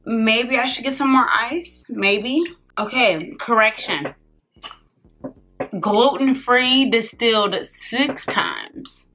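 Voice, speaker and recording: A beauty vlogger, tipsy from drinking, takes her time as she does her makeup and talks loosely to viewers, swearing without restraint. Her fairly high voice is expressive with a sharp edge.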